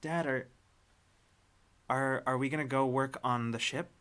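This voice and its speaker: A man's voice: medium pitch, steady tone, measured pace, a bit bright, clear, resonant tone. A man voicing a small, scared human boy of about eight in a tabletop game, calling out anxiously. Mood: hopeful.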